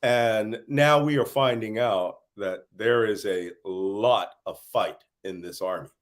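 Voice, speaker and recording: A middle-aged man from the United States who says he is tired, answering interview questions as an intelligence analyst and telling animated stories between laughs. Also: on the low side, takes it slowly.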